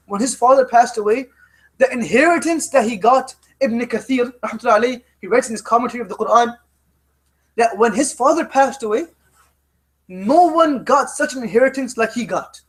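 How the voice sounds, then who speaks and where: Very high-voiced man telling a story. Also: a little fast. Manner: repeats phrases for emphasis, often restarts lines. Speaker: teacher leading a youth study circle. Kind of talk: storytelling lecture.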